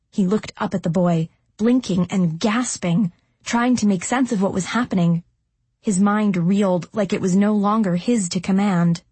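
A woman narrating a dark fantasy audiobook in a steady, dramatic storytelling manner. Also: mid-range voice, breathy edge, no room sound. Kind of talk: scripted narration.

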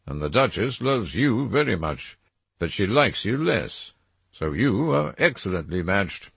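A languid, worldly aristocrat who drawls witty remarks with lively ups and downs, as a male narrator puts him on. The voice is gravelly and husky, recorded close and dry. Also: on the low side, measured pace, dry recording, voice pushed up, heavily acted. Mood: amused.

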